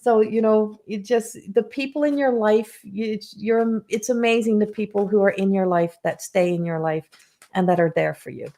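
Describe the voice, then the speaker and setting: A woman's voice: mid-range voice, normal speed, dark tone. A woman hosting a live card reading, reading viewer comments aloud and speaking in an emotional, affirming way. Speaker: intuitive card reader hosting a live stream.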